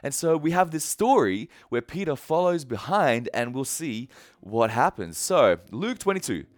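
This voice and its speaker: A man's voice: mid-range voice, big pitch swings, a little slow, no echo. A man preaching a casual sermon, retelling a story and acting out the characters' lines in a conversational way. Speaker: pastor.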